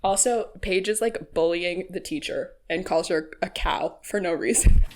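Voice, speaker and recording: Chatty woman with a lowish voice. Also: moderate pace. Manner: chatty, frank, laughs often, many "like" fillers. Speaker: YouTube recap host. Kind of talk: casual commentary voice-over.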